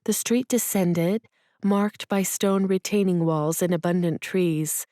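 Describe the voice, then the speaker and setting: A woman narrating a storybook romance in a measured, gentle manner, her voice low and her pace unhurried. The studio recording is close and completely dry. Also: no echo. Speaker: audiobook narrator. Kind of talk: scripted narration.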